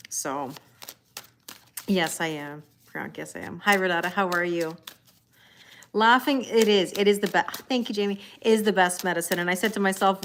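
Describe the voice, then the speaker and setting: A woman's voice: fairly low pitch, moderate pace, slight background noise. A woman hosting a live tarot stream, chatting casually with viewers, joking and greeting them by name.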